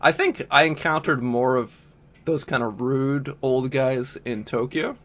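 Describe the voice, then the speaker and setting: Relaxed male podcast host. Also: medium pitch, unhurried, dull audio. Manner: relaxed, laughs often, restarts words. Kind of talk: casual podcast interview.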